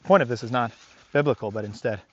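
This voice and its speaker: A man's voice: medium pitch, fast, muffled recording. A man working as a dog trainer, talking casually to the camera on an outdoor walk, rambling and reflective with many fillers.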